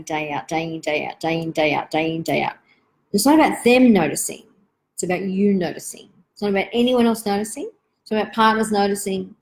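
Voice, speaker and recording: A woman, hosting a live online Q&A for parents in a gentle, reflective, chatty way with many asides. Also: medium pitch, poor audio.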